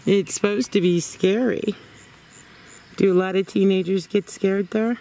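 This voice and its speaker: A woman's voice: medium pitch, steady tone, a little slow, creaky, warm tone. A woman ghost-hunting in a wooded cemetery, coaxing spirits with short questions on her camera. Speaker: paranormal investigator. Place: cemetery in the woods, outdoors. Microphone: handheld camera mic. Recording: noisy outdoor camera recording. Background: crickets and insects.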